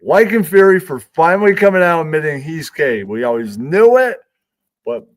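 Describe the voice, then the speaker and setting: A man's voice: fairly high pitch, lively intonation, normal speed. A man hosting a stream, rambling through a crude, self-amused comedic monologue. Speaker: stream host.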